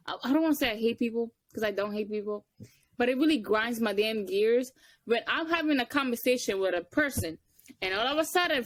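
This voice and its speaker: A young woman co-hosting a podcast, telling stories in casual chat and acting out the quotes with big jumps in her voice. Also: no room sound. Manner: animated storytelling, acts out quotes with big pitch jumps. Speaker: podcast co-host.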